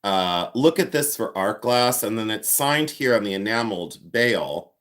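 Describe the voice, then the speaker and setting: A man's voice: lowish voice, animated, measured pace, fairly bright tone. A man in his fifties hosting a casual livestream, rambling and joking as he chats with viewers by name. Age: 50s. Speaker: livestream host and jewelry collector.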